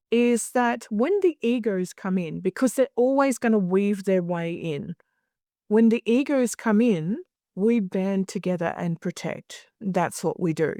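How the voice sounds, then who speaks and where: A woman's voice: medium pitch, dark tone, no room sound, studio quality. A middle-aged woman in a candid interview, who talks bluntly, swears freely and acts out other people's lines. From Australia. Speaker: hypnosis conference director.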